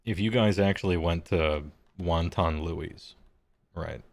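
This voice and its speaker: Deep-voiced man running a tabletop game. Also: slow, gravelly. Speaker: game master. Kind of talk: casual chat before a live-streamed game.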